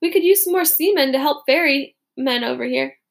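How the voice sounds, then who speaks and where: Blunt fisherman sailor as a woman reads him, matter-of-fact, high gravelly voice. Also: fairly quick. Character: blunt male fisherman rowing soldiers.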